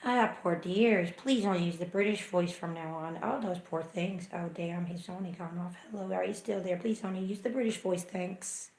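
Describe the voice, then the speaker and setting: A woman hosting a laid-back livestream, talking in a chatty, self-mocking way and often muttering to herself. Her voice has a gravelly, fry-tinged edge. The sound carries a noticeable room echo. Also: on the low side, steady tone, normal speed, few pauses, darkish tone. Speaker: livestream host. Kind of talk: casual live chat. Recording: echoey room.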